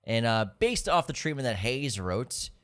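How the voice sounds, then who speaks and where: A man co-hosting a podcast in casual film talk, reading background facts from his notes in a steady, informative way. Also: mid-range voice, normal speed, smooth. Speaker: podcast co-host.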